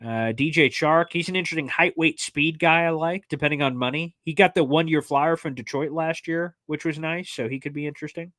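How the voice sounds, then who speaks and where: A man hosting a casual sports livestream, answering fan questions in an excitable, jokey way with plenty of fillers. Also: a little high, no echo, clean studio sound. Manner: excitable, jokey, fast-talking with many fillers. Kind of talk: casual live chat reading fan questions.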